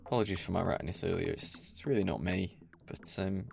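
A man's voice: sits low, fast talker, creaky, noisy background. A man hosting a solo podcast, talking in a dry, mock-stern and pedantic way. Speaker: podcast host.

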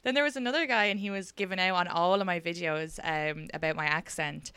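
Low smooth Irish woman with a Kildare accent. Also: bright, forceful tone, dry recording. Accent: Irish, Kildare-Midlands. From Ireland. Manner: swears freely, tells quick anecdotes, laughs often. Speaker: podcast host and comedian. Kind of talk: casual chat.

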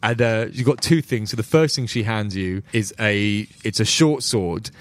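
A man's voice: lowish voice, normal speed, no room sound. A man narrating as game master in a chatty, laughing way.

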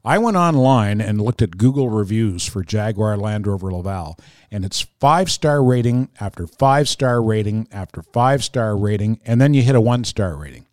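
Brief: relaxed male co-host who rambles through a sponsor read, recorded close and dry. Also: on the low side, normal speed, no echo. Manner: easygoing, rambling, hedging. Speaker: podcast co-host. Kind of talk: casual chat, sponsor read.

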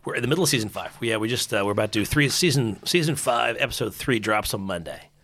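A man, a burger expert and podcast guest, chatting casually and telling animated stories, acting out quotes and laughing often. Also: mid-range voice, quick pace, slight background noise. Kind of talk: casual interview chat.

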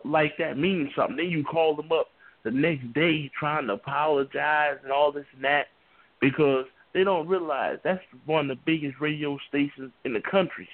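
A man in casual panel talk, rambling and halting, often repeating himself. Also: on the high side. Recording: phone-like lo-fi audio.

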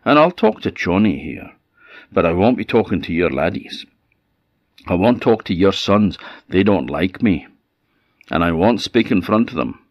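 A proud little goat who decides for himself whom he'll speak to, his Scottish voice perked up and lively, as a man does the voice. He sounds dry and close, picky and a touch superior. It's the goat of a told folk tale. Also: sits low, normal speed, long pauses, no room sound, lo-fi sound, exaggerated voice. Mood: haughty. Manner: stubborn, picky about whom he talks to. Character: sulky, proud talking male goat.

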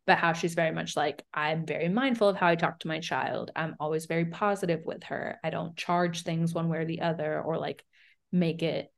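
A woman co-hosting a casual recap podcast, with a slightly low voice. She talks fast and loose, fills everything with "like", and keeps acting out quotes. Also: fairly even intonation, creaky. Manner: chatty, lots of "like", acts out quotes. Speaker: podcast co-host.

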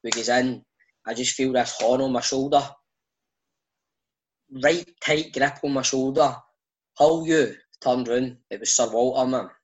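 A Scottish man, a father, telling casual stories as a guest, animated and full of slang. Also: mid-range voice, a little slow, long pauses, low-quality recording. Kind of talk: casual storytelling chat.

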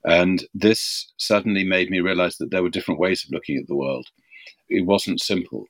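Deep-voiced man, reflective author. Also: no echo. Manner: reflective, measured storytelling. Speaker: author being interviewed. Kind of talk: podcast interview.

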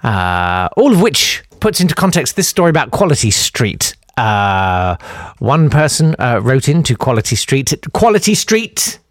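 A man's voice: mid-range voice, very animated, moderate pace, no room sound, clean studio sound. A man hosting a comic news podcast, sarcastic and rambling with lots of ums. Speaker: podcast host.

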